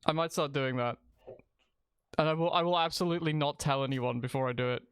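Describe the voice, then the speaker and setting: A man chats loosely while streaming a game, wandering from thought to thought and circling back over his words. His voice is smooth and clear and sits a little high for a man. The sound is dry and close, with no room around it. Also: a little fast, dry recording. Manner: rambling, restarts sentences, thinks aloud. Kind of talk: casual live-stream chat while gaming.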